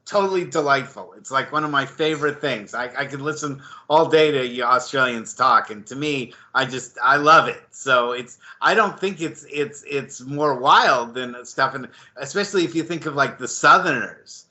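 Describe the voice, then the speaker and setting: A man's voice: medium pitch, moderate pace, few pauses, sharp tone. A man from the United States hosting an interview, asking curious and enthusiastic questions that tend to ramble. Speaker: interview host. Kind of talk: casual interview chat.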